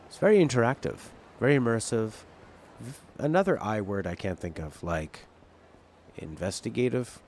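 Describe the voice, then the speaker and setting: A man's voice: mid-range voice, lively intonation, moderate pace, a little mellow, slight background noise. A male game streamer rambling through casual, opinionated, jokey commentary while he plays.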